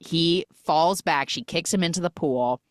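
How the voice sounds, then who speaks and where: A woman's voice: on the low side, unhurried, dry recording, studio quality. A woman on a podcast chattily retelling a film plot, full of "like"s. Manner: chatty, animated retelling with many "like"s. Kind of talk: casual podcast film recap.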